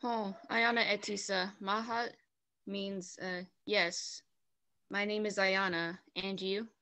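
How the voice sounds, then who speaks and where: A woman's voice: medium pitch, steady tone, slow pace, bright, forceful tone. A woman student in an online language class, eagerly answering and asking follow-up questions over a video call.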